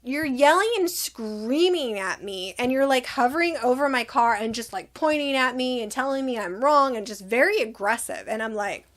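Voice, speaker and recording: A middle-aged woman telling a personal story in a casual storytime vlog, animated and acting out both sides of an argument. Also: high-pitched. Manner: animated, acts out both sides of the argument in quick reported dialogue.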